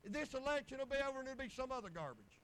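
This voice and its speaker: A man's voice: extremely high pitch, very animated, fast, a bit bright, rough recording. A man, preaching in a folksy storytelling way with bursts of exclamation. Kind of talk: sermon testimony.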